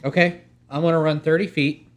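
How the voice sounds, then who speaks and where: A man's voice: a little high, steady tone, fairly quick. A man playing a tabletop role-playing game, thinking aloud and reading out spell rules. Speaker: player. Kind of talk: casual tabletop role-play chat.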